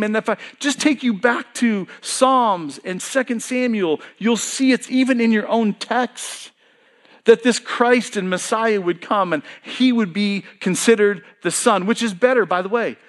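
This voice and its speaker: A middle-aged man preaching a sermon, emphatic and animated, putting questions to the congregation and answering them himself. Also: high voice, measured pace. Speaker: pastor.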